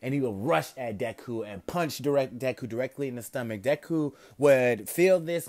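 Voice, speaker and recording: A man's voice: medium pitch, a little mellow. A man casually improvising a fan story, rambling and correcting himself as he goes.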